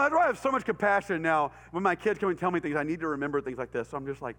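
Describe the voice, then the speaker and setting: A middle-aged man with a Texan accent, a pastor telling a story in a sermon, animated, acting out voices and sound effects and laughing often. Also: sits high, fast, few pauses. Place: church hall. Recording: reverberant church hall.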